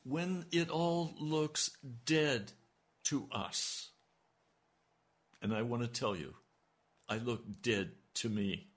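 Male pastor, sermon; slow and deliberate, husky tone, emphatic swells. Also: medium pitch. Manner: emphatic preaching, voice swelling on key lines.

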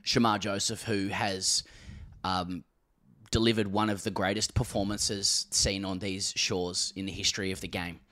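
A man's voice: deep voice, level tone, normal speed, sharp tone. An Australian man co-hosting a casual cricket podcast, rambling with frequent laughs, restarts and swearing. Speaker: podcast co-host.

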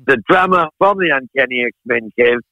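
Lively, bright-voiced man joking on air. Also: mid-range voice, normal speed, dry recording, muffled recording. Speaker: radio co-host. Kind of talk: casual radio banter.

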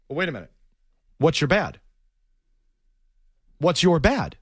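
A man's voice: on the high side, very animated, a little slow, long pauses, breathy edge, no room sound, studio quality. A middle-aged man hosting a sports talk show, arguing his case emphatically and repeating himself for effect. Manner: emphatic, repetitive, argumentative.

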